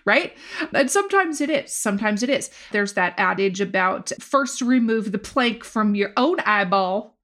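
A woman's voice: medium pitch, expressive, a little slow, fairly bright tone. A woman co-hosting a podcast, joking playfully in casual chat.

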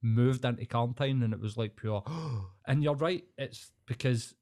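A man's voice: mid-range voice, moderate pace, darkish tone. A young Glaswegian man co-hosting a podcast, talking in emphatic, sweary banter. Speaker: podcast co-host. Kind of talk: casual chat.

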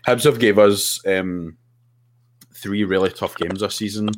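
Scottish male pundit, very low voice, halting delivery, faint background hiss. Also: steady tone. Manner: hesitant, lots of ums and restarts. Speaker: podcast co-host. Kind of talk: casual football chat.

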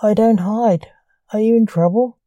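A man's voice: high voice, fairly even intonation, normal speed, warm tone, no echo, highs cut off, lightly acted. A woman voicing a famous male stage illusionist who grows defensive and frightened under a caller's threats.

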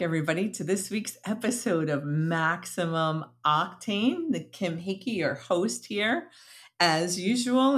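A woman's voice: on the low side, fairly bright tone. A woman hosting an interview podcast, bubbly and talkative, chatting casually with her guest and laughing easily. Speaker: podcast host.

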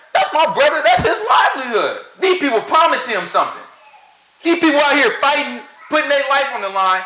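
A man's voice: high-pitched, sharp tone, reverberant, rough recording. A man with a Southern American accent, talking in a casual rant full of preachy rhetorical questions and laughing at his own points. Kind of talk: casual ranting monologue.

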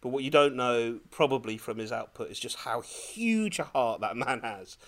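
A man on a podcast telling a lively personal story in casual chat, laughing often as he goes. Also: medium pitch, normal speed. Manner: animated, laughing, breathless when excited. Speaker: podcast co-host.

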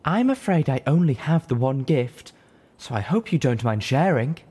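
A man's voice: mid-range voice, sing-song, normal speed, dark tone, slightly rough, voice pushed up. A man reading an audiobook, voicing an elegant, gracious unicorn mare who speaks in a formal, grandly polite and theatrical way. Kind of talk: audiobook reading of fan fiction.

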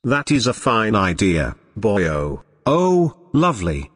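A man's voice: fairly low pitch, wildly swooping pitch, slow pace, a bit bright, full character voice. A man puts on a ham actor's overblown fake Welsh lilt, sing-song and affected. Long hall reverb rings around each phrase. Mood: hammy. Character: hammy actor faking a stagey Welsh accent.

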